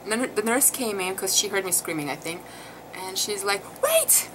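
A woman's voice: mid-range voice, a little fast. A woman casually recounting a personal experience to her viewers, emotional and chatty, with many fillers. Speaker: mother telling her birth story. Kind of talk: casual vlog storytelling. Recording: clear background noise.

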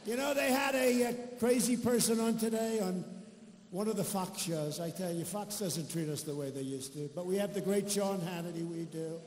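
An older man speaking at a campaign rally in a high, strained register. He boasts, repeats short phrases, and drifts into off-the-cuff asides. His voice rings through a big echoing arena over a faint crowd murmur. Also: normal speed, a little mellow, a little hiss or hum. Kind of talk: political rally speech.

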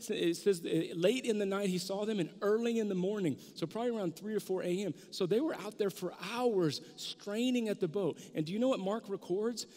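A male pastor preaching a sermon, lively and animated, acting out the disciples in raised voices. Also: sits high, a little fast, few pauses. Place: church sanctuary. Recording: church hall reverb.

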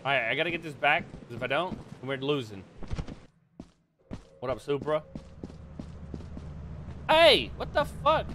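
A man streaming a game in casual chatter, excitable, swearing a lot and yelping the same words over and over. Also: mid-range voice, normal speed, long pauses, slight background noise. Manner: excitable, swears a lot, yelps and repeats himself.

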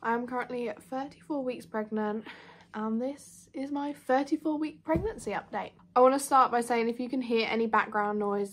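A woman's voice: fairly high pitch, a little hiss or hum. A woman, chatting casually in a vlog update from home and sounding out of breath. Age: 20s. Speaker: vlogger.

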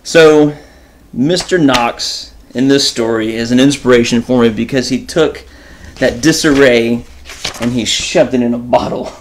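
Animated man hosting a casual lesson. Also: medium pitch, a little slow, a little hiss or hum. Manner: animated, informal, many fillers. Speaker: host and teacher. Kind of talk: casual enrichment lesson, reading a children's book.

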